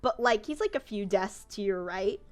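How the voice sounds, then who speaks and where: A woman's voice: mid-range voice, animated, normal speed. A woman running a tabletop game as game master, narrating casually with lots of fillers. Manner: casual, rambling with many fillers.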